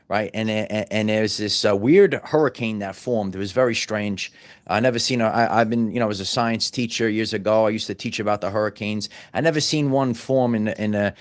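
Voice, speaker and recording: Rambling, preachy middle-aged man. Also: fairly low pitch. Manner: repetitive, stumbling restarts, preachy. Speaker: channel host. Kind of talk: off-the-cuff motivational monologue.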